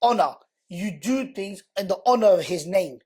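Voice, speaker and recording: A man, a podcast guest telling an emotional personal story in an animated, slangy way, repeating words for emphasis. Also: high-pitched, normal speed, slightly rough.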